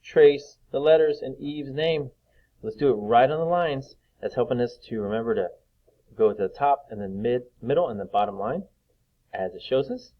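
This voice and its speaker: A man teaching young children to read, slowly sounding out letters and words with patience. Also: medium pitch, phone-quality sound. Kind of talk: reading lesson for young children.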